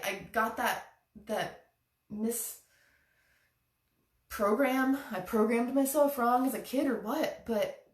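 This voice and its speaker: Sounding slightly high and far from the mic, a woman speaks in an echoey room as host of a chakra challenge live stream. Her motivational talk is earnest and full of encouragement for viewers.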